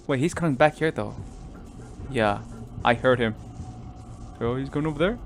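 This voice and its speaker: A man commentating a horror game let's play, jumpy and easily startled, swinging between loud yelps and quiet muttering. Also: a little high, moderate pace, long pauses, faint music behind. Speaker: gaming YouTuber.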